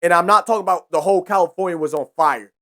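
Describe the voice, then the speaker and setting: A man's voice: high-pitched, quick pace, fairly bright tone. A young man hosting a podcast, ranting in a heated, profane way and repeating himself for emphasis. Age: young adult. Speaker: podcast host. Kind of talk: casual ranting monologue.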